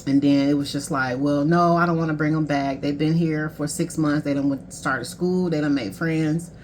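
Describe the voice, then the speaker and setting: A woman's voice: low-pitched, steady tone, moderate pace, a little mellow, a little hiss or hum. A woman in her thirties, a life coach, candidly telling a painful personal story in a casual, conversational way. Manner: candid, conversational, emotional, quoting others.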